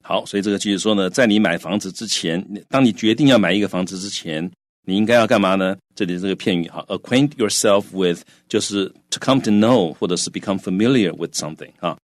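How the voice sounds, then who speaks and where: A man teaching English vocabulary in a bilingual lesson, patient and steady, with frequent filler sounds and slowed English terms. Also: low-pitched, no echo, clean studio sound. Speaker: English teacher explaining in Chinese.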